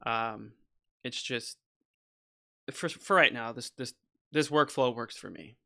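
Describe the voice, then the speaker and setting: A man's voice: mid-range voice, slow pace, vocal fry, sharp tone. A man composing on a livestream, talking casually and at length with many restarts, opinionated about his craft. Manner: rambling, restarts often, says "freaking" and "you know"; opinionated, goes off on a soapbox. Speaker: composer streaming a session. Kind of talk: casual livestream talk while working.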